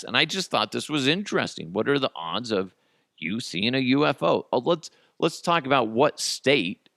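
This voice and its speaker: A man's voice: medium pitch, gravelly, fairly bright tone, dry recording, studio quality. A man hosting a comedy podcast, rambling through crude jokes and laughing at his own bits. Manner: tosses in goofy character voices. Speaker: podcast host.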